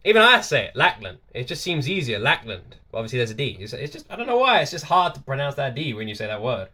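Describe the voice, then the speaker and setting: Fast, bright-voiced man. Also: mid-range voice, sing-song. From United Kingdom. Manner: enthusiastic, talks to viewers, repeats himself. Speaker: reaction video host. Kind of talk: casual reaction commentary.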